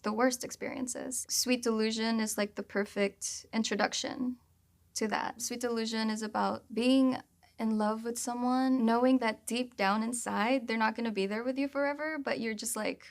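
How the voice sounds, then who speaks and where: A woman's voice: a little high, steady tone, moderate pace. A young adult woman, a singer-songwriter, talking casually about her song and filling her sentences with "like". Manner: chatty, leans on "like" as filler.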